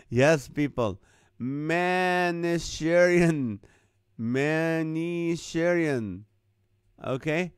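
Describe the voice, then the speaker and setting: Casually chatting on his live comedy stream, a male host reads viewer comments and keeps chuckling at the wordplay. His voice is a little high and clean, with a dry recording.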